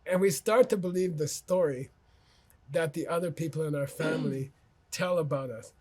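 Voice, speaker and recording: A man giving a relaxed lecture for an online course, his voice sitting a little high and carrying a husky edge. He keeps it conversational, tucking "okay?" and "you know" between his points. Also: normal speed. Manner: tells anecdotes about himself. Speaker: teacher.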